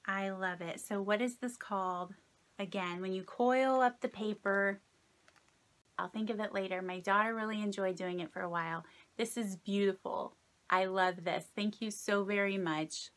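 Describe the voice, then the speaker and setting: A woman's voice: medium pitch, fairly even intonation, normal speed. A woman in her late thirties opening gifts from friends on her craft vlog, gushing and delighted as she thanks each sender. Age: 30s. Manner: gushing, delighted, soft-spoken. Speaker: craft vlogger. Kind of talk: casual mail-opening vlog.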